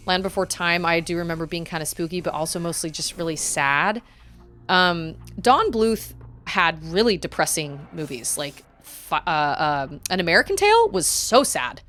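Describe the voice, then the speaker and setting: A chatty woman streamer talking casually over her gameplay, laughing and gasping as she goes. Her voice is bright and crisp, with lively swings in pitch. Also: normal speed. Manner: animated, chatty, laughs often, gasps.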